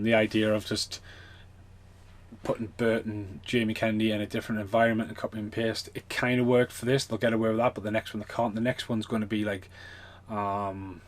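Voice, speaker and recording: A man ranting casually as a film reviewer, chatty and loose, swearing freely, a little tipsy. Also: on the low side. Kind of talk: casual rambling rant.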